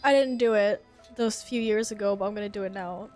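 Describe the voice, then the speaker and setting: A woman's voice: medium pitch, brisk, a little mellow, faint music behind. A woman streamer in casual chat, swearing, laughing and reading chat messages aloud.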